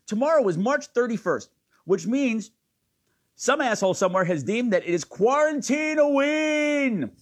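A man hosting a casual live stream in a campy, teasing way. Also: high-pitched. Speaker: host.

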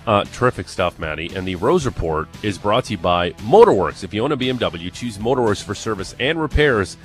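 A man's voice: fairly low pitch, very animated, fairly quick, soft background music. A man hosting a sports radio show, chatting casually and reading promos and previews. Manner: upbeat, reads promos and previews.

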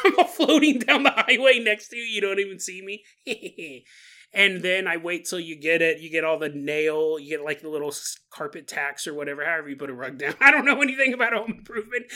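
Brief: bright-toned male podcast host, loose comedic storytelling, laughs a lot. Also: sits high, fairly quick. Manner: animated, joking, laughs often.

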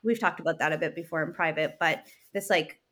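Her voice sitting low, this woman in her thirties is a working mother appearing as a guest in a relaxed interview. Earnest and lively, she laughs easily.

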